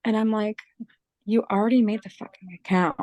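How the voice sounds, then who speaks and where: A woman's voice: mid-range voice, steady tone, moderate pace, a little mellow, no room sound, highs cut off. A woman casually telling a story, acting out both sides of a conversation, candid and swearing. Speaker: team member sharing a story.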